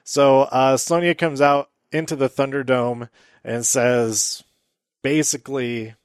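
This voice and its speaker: A man's voice: mid-range voice, fairly even intonation, slow, clear, resonant tone, dry recording, clean studio sound. A man hosting a casual solo recap, rambling with many fillers and laughing at his own jokes. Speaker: podcast host recapping wrestling.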